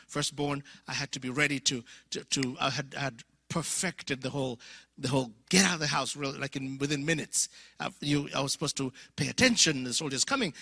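A middle-aged man preaching his testimony as a guest speaker, telling the story with animated acted dialogue and voicing other people in a high pitch. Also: breathy edge, no room sound, clean studio sound.

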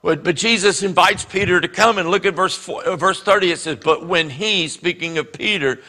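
A man preaching a sermon as pastor, animated and acting out the voices he quotes. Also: sits high, normal speed, long reverb tail. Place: church sanctuary.

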